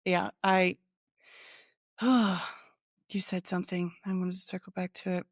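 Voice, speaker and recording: A woman's voice: fairly low pitch, fairly even intonation, takes it slowly, no echo. A woman co-hosting a podcast in casual chat, blunt and wry, swearing casually. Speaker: podcast co-host.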